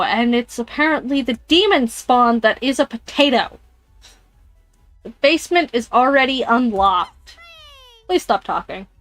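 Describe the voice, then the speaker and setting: A woman with a high voice streams a game, reading the on-screen text aloud and reacting nervously to it. She talks at an unhurried pace, and her voice sounds dry and close. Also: fairly bright tone, dry recording. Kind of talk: live-streamed game playthrough. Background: headphones on, alone in a room.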